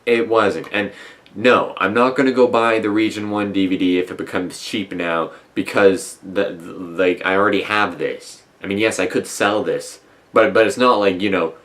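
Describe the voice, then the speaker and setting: Rambling young man with a lowish voice. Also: steady tone, moderate pace, a bit bright. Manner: rambling and chatty, many restarts and fillers; swaps swear words for mild substitutes. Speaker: classic TV reviewer. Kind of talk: casual rambling vlog. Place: at home, indoors.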